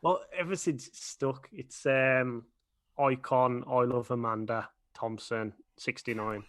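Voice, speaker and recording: A man, a guest on a video call, chatting in a relaxed, giggly way. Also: medium pitch, slow. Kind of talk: casual chat.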